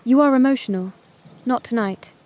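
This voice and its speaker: A woman voicing a stern, controlling older mother-in-law with a Vietnamese accent and clipped, sharp phrasing. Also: on the high side, moderate pace, close to an everyday voice. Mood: curt.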